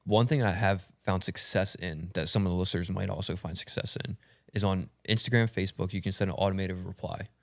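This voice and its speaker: A male podcast host with a very deep voice that hardly rises or falls. He talks at a steady, measured pace. The sound is dry and close, with no room echo. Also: gravelly. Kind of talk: casual podcast conversation.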